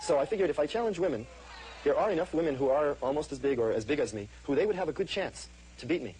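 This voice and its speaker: A man's voice: fairly high pitch, expressive, quick pace, a little mellow, a little hiss or hum, low-quality recording. A man, a comedian, earnestly explaining his stage act in an archival interview.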